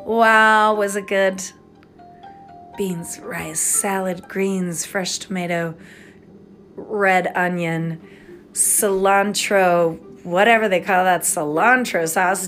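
A woman at home giving a giggly, excitable, rambling late-night monologue that jumps from one thought to the next. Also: medium pitch, takes it slowly, faint music behind. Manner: giggly, excitable, stream-of-consciousness. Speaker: podcaster.

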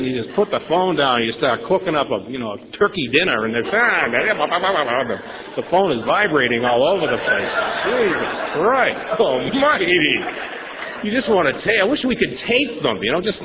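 A man's voice: a little high, expressive, normal speed, long reverb tail, a loud crowd. A man giving a rambling, emphatic personal recovery share at a meeting, repeating words and swearing casually. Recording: dull lo-fi recording.

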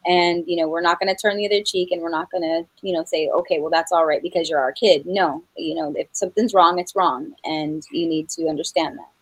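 A woman's voice: fairly low pitch, fairly quick, few pauses, dry recording, rough recording. A middle-aged woman from New Mexico, a guest singer chatting in an interview, talking with many fillers and restarts. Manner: warm, many fillers and restarts, laughs often. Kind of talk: casual interview chat.

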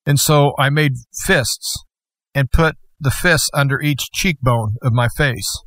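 A man telling a personal testimony in an earnest, deliberate storytelling manner. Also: mid-range voice, a bit bright, dry recording.

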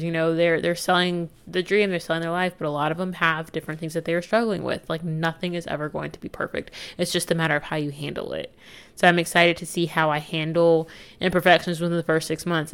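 A woman's voice: fairly low pitch, a bit bright, clear, resonant tone. A young woman from the United States hosting her own podcast, talking in a chatty, candid way and laughing easily. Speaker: podcast host. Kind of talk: casual solo podcast chat.

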